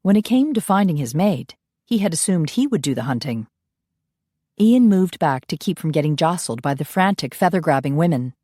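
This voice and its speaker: A woman narrating a romance audiobook in a steady storytelling manner. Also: sits low, moderate pace, no echo, clean studio sound. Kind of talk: scripted narration.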